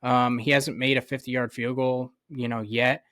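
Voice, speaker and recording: A man co-hosting a sports podcast in casual chat, measured and full of "um" and "you know". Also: mid-range voice, flat delivery, bright, forceful tone, dry recording, clean studio sound. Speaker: podcast co-host.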